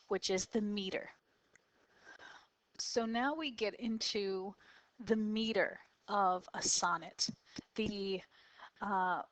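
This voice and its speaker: A woman gives a poetry lesson in a patient, explanatory manner, pausing with small fillers. Her voice is smooth and clear, and she talks at a slow, careful pace. The recording is dry and close, with no room sound. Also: mid-range voice, a bit bright, no echo, rough recording. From United States. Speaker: teacher. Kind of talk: classroom lecture on poetry.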